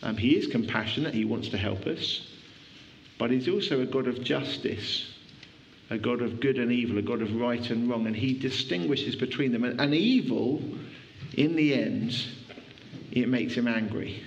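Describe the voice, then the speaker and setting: A man preaching a sermon in a church, conversational and animated, often restarting his sentences. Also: mid-range voice, normal speed, dull audio, slight background noise.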